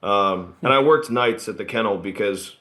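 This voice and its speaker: A man born in Australia and raised in Texas, telling stories as a guest in a casual interview, relaxed and rambling with fillers. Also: on the low side, normal speed. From born in Australia, grew up in Texas. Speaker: guest actor. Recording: roomy echo.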